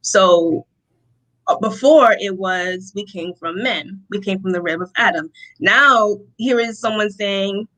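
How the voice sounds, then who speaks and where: A young woman from Rochester, New York, giving a personal testimony as an interview guest, telling her story in an animated way and acting out the lines of the people in it. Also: mid-range voice, measured pace, poor audio. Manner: animated storytelling, acts out quotes, laughs often.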